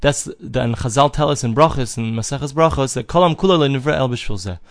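A man's voice: medium pitch, fairly quick, no echo, clean studio sound. A man teaching an earnest religious lesson, telling stories and acting out voices. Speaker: Torah teacher. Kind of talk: recorded religious lesson with storytelling.

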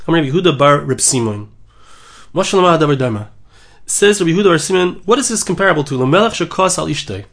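High-voiced, lively Torah teacher. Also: male voice, fast. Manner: reads Hebrew and Aramaic text aloud then translates, lively and emphatic. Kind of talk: animated Torah class reading and explaining a midrash.

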